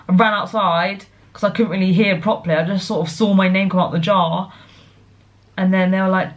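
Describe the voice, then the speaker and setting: A young woman, chatting casually to her viewers as a vlogger, excitable and full of fillers and restarts. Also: lowish voice, brisk. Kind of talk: casual chat.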